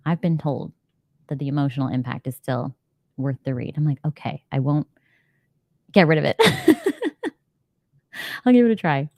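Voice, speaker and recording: Chatty low-voiced woman hosting a live stream. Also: darkish tone, no room sound, studio quality. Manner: chatty, reads chat comments aloud, laughs often. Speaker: livestream host. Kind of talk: casual live-chat reading sprint.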